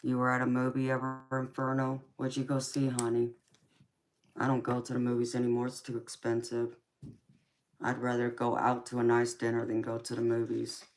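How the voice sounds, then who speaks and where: Soft-spoken woman calling everyone honey. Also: very deep voice, completely flat delivery, moderate pace. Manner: warm, calls viewers sweetheart and honey. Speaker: tarot reader hosting a live stream. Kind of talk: casual live-stream chat.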